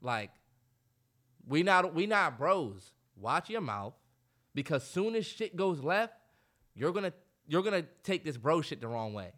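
A man's voice: a little high, big pitch swings, measured pace, fairly bright tone. A man in his twenties co-hosting a podcast, chatting casually and with lots of profanity, acting out the voices of people he quotes. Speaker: podcast co-host. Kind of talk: casual chat.

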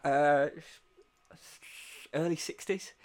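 A man, telling a story in casual comic chat, wry and self-deprecating, with deadpan quoted voices. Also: on the high side, extremely slow. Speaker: podcast co-host.

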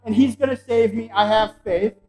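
A man playing a stranded man on a rooftop in a flood, a little higher and louder than his own voice, insisting over and over that God will save him. His lines ring out in a roomy, echoey church with faint music under them. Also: steady tone, normal speed, close to an everyday voice. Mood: insistent. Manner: pleading, stubbornly insisting on his faith.

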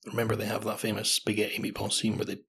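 Guy in his 30s rambling on his podcast, low gravelly husky voice, swears a lot, kind of cheeky. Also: monotone, fast, a bit bright. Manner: chatty, swears freely, self-mocking. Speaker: podcast host. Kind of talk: casual solo podcast storytelling.

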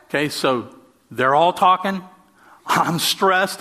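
A man in his sixties, a pastor, preaching a sermon and telling personal stories with quick bursts and drawn-out emphasis. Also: fairly high pitch, vocal fry, pushed and bright.

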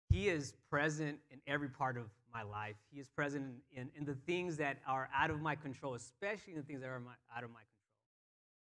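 A man's voice: a little high, a bit bright. A man giving a sermon as pastor, telling a personal story in a conversational way with frequent fillers and restarts.

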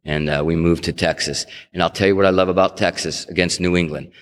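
A middle-aged man with a very low voice tells his own story to a gathering. He speaks conversationally, restarts sentences and voices the people in his story. His voice trails into the long reverb of a large hall. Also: steady tone, quick pace. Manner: conversational storytelling, acts out quotes, frequent restarts. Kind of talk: personal testimony talk.

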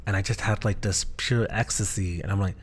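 A man with a fairly low voice tells his own story on a podcast. He speaks earnestly, backing up and restarting his sentences as the memories come. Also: steady tone, brisk, breathy edge. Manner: earnest, with frequent restarts and fillers. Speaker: podcast co-host and pastor. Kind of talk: personal storytelling in casual conversation.

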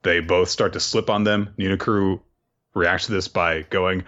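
A man's voice: low voice, normal speed, a bit bright, muffled recording. A man casually recapping a story, chatty, with lots of fillers. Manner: chatty, filler-heavy retelling. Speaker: podcast host.

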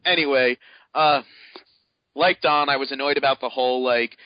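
A man in casual podcast chat who tells an animated, funny anecdote. His voice is mid-pitched. The sound is dry and slightly dull. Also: normal speed, dry recording. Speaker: podcast co-host. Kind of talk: casual storytelling.

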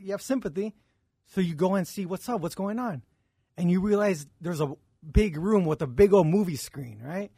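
A man's voice: high-pitched, breathy edge, no room sound, studio quality. A man co-hosting a podcast, telling a long religious parable in casual chat, acting out the characters' lines and checking in with "right?". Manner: storytelling, acts out dialogue, repeats "right?". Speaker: podcast co-host.

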